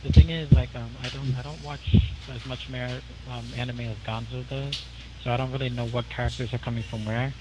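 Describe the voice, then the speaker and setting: A man's voice: medium pitch, fairly even intonation, a little fast. A man chatting casually as a livestream guest, hesitant with many fillers. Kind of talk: casual chat. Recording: noisy stream audio.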